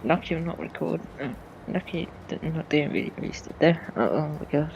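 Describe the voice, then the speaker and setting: Gravelly-voiced male co-player, teasing mock warnings, slightly raised pitch, faint hiss. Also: fairly quick, highs cut off. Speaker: co-player on stream. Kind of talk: casual live-stream chat.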